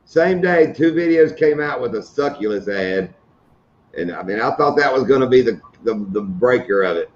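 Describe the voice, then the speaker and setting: A man's voice: mid-range voice, expressive, normal speed, darkish tone, highs cut off, a little hiss or hum. A middle-aged man hosting a live stream, chatting casually and telling funny stories. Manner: joking storyteller, laughs at his own stories. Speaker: host of a fishing channel live stream.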